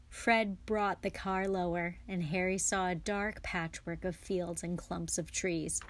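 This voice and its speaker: A woman guest reader narrating a chapter aloud with calm, measured delivery. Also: lowish voice. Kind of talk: audiobook reading.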